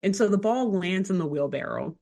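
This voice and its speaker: A woman co-hosting a podcast, retelling a cartoon episode in casual chat with animated storytelling and lots of filler words. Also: medium pitch, brisk, creaky. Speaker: podcast co-host.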